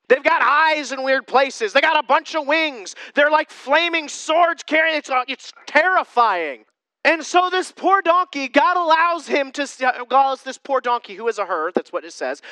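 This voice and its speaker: A man's voice: very high-pitched, bright, forceful tone, clean tone, no echo. A man preaching a humorous, conversational sermon, retelling a Bible story with jokes. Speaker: pastor.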